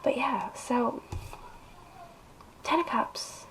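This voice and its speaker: A woman talks through a casual tarot reading at an unhurried, lingering pace. She is emphatic and coaxing, and stretches out her phrases as she urges the listener on. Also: a little high, expressive, a bit bright, slight background noise, rough recording. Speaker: tarot reader.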